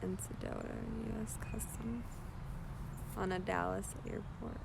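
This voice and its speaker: Slow-talking British-accented woman livestreaming. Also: medium pitch, steady tone, gravelly, very noisy. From Chile. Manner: chatty, answers viewers' comments while crafting. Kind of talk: casual livestream chat. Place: at home, partly in a yard.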